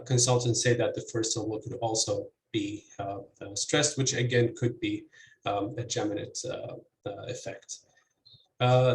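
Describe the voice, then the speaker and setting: A man's voice: mid-range voice, reverberant, poor audio. A man giving an academic conference presentation on linguistics, hesitant with many fillers and restarts.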